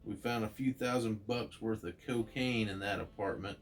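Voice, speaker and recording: A man voicing a gruff, suspicious middle-aged police chief from a comic, brusque and blunt. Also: fairly low pitch, moderate pace, soft background music, natural voice.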